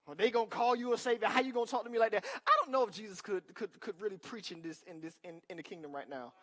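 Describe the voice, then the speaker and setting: This high-pitched man talks fast as he preaches, throwing in emphatic call-and-response asides. He moves back and forth from thunderous statements to soft, low-key observations.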